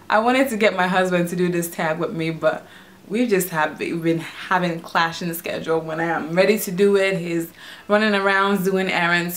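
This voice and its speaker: A young Nigerian woman with a Nigerian accent and a fairly low voice talks through a tag video from her home. She speaks in a relaxed, chatty way, giggles now and then, and repeats words as she goes. Igbo is her first language. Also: slight background noise. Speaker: vlogger. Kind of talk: casual tag video chat.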